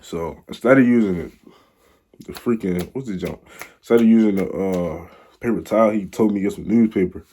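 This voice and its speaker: A man's voice: fairly low pitch, a little fast, dark tone, a little hiss or hum. A young man telling a rambling, slang-filled story in a casual storytime vlog. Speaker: vlogger.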